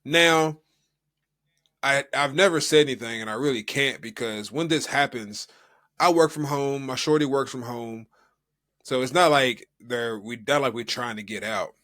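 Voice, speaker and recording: A young man from the United States talks with an easy, mid-pitched voice, neither high nor low. He co-hosts a casual podcast chat and tells stories in a rambling way. His sentences wander and restart, padded with fillers. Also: normal speed, fairly bright tone. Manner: rambling storytelling with many fillers. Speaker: podcast co-host.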